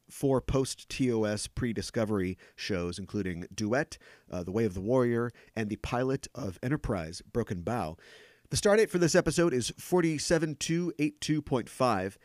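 Male podcast host, lowish pitch, dry close sound, chatty and explanatory. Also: darkish tone, no room sound. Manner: talkative, explains background at length. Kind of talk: casual podcast chat.

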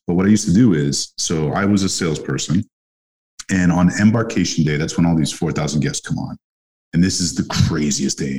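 A man from Canada speaks with a very low, deep voice. He is a podcast guest, telling animated stories in a relaxed chat and often restarting mid-sentence. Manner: animated anecdotes with frequent restarts. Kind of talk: casual storytelling chat.

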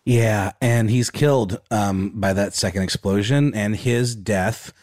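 A man's voice: lowish voice, unhurried, darkish tone, dry recording, studio quality. A man co-hosting a podcast, talking casually and easygoingly with many fillers. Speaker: podcast co-host. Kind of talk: casual conversation.

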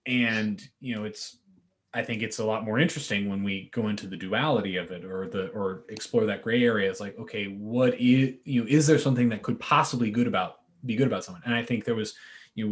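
Low-voiced, thoughtful man co-host. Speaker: podcast co-host. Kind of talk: casual podcast chat.

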